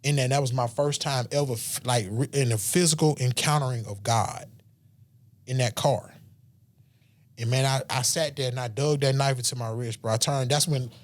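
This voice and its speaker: Man, podcast guest, mid-range pitch, earnest, emotional storytelling, drops to near-whisper. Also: normal speed. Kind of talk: personal storytelling in a casual chat.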